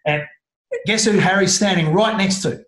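A middle-aged Australian man telling a personal story in an interview, earnest and halting, often restarting his sentences. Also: high voice, fairly bright tone. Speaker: guest. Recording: roomy echo.

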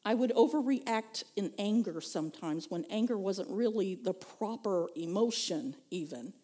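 A woman's voice: mid-range voice, lively intonation, moderate pace, dark tone, slightly rough. A woman pastor, preaching a conversational sermon, telling stories and laughing often. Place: church.

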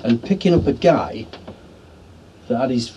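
A man's voice: medium pitch, expressive, unhurried, noisy background. A man who was a military medic tells rambling, earnest anecdotes in a street interview outdoors on allotments.

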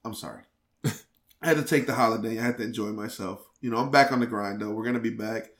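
A man's voice: on the low side, fast, fairly bright tone, roomy sound. A man hosting a podcast, chatting casually, rambling and stumbling over restarts while he teases his guest. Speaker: podcast host.

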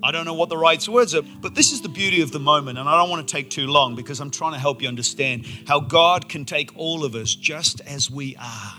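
Male pastor, lively storytelling sermon, sharp bright timbre, faint guitar behind. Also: a little high, fairly quick, hardly any pauses. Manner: animated, enthusiastic storytelling with playful asides. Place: church auditorium before a congregation.

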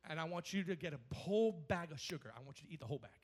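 A man with a notably high voice delivers a lively church sermon. He talks fast and excitedly, repeating words as he builds up, and he acts out scripture passages with laughter. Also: husky. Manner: energetic preaching, repeats words, dramatizes scripture quotes with laughs. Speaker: pastor.

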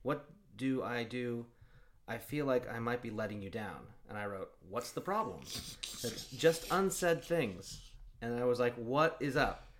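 A man chatting casually as a podcast co-host, rambling through a story and reading messages aloud in a flat voice. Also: medium pitch, unhurried, slight background noise. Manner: rambling storyteller, swears, reads chat logs aloud in a flat voice. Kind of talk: casual chat.

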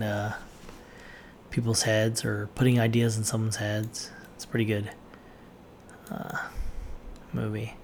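A man's voice: medium pitch, creaky, slight background noise. A man giving blunt, offhand opinions in casual commentary, with plenty of fillers. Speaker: vlogger reacting to movie lists.

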